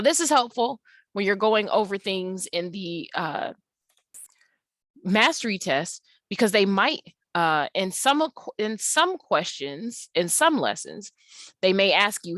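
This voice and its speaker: A woman's voice: mid-range voice, fairly bright tone, dry recording. Patient woman tutor, dry close sound. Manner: explains patiently, stretches words slowly to demonstrate sounds. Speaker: English tutor. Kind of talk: online tutorial lesson.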